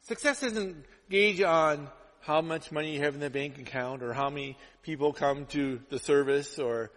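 A male pastor preaching a sermon, telling stories with lively acted-out quotes. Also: a little high, moderate pace. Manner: animated storytelling, acts out quotes. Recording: long hall reverb.

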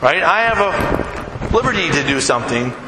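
A man's voice: a little high, sing-song, moderate pace. A man preaching a sermon to his church in a conversational way, often checking in with "right?". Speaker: pastor. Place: church sanctuary. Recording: echoey hall with noise.

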